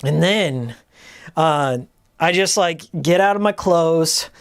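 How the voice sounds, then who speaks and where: A man's voice: a little high, takes it slowly, clear, resonant tone. A male streamer telling a crude, exasperated story in a casual, profane rant. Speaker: streamer host. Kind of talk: casual ranting anecdote.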